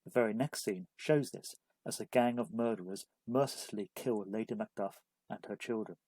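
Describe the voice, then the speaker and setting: A man reads a scripted study-guide lesson in a measured, even way. His voice is mellow and a little husky, and the recording is dry and close. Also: lowish voice, no echo, rough recording. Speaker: literature explainer. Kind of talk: scripted narration.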